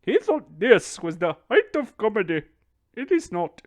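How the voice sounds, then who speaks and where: A man putting on a deliberately bad impression of an elderly male public figure, mocking himself. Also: high voice, big pitch swings, pitched above the performer's own voice. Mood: mock-formal.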